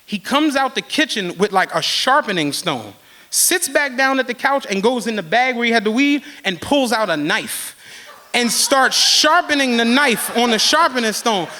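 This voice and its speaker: A man hosting a podcast live on stage, telling a story with animated energy and plenty of swearing, often laughing as he talks. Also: extremely high pitch, normal speed.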